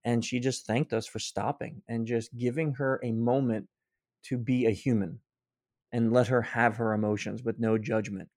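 A man's voice: medium pitch, steady tone, normal speed, a little mellow, no echo, studio quality. A middle-aged man, a guest author, earnestly telling a personal story in conversation, often restarting his sentences.

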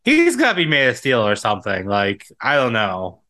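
Bright, sardonic man co-host. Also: medium pitch, huge pitch swings. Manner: sardonic, quick jabs, exasperated. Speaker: podcast co-host. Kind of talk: casual chat.

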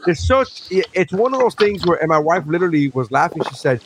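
A man in his forties hosting a podcast, chatting casually with profane, animated ranting and mocking asides. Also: a little high, quick pace, background noise. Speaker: podcast host. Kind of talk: casual chat.

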